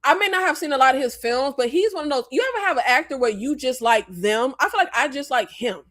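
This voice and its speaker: A woman from the American South chatting casually on a movie livestream, talkative and quick to laugh and apologize. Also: sits high, lively intonation, fairly bright tone.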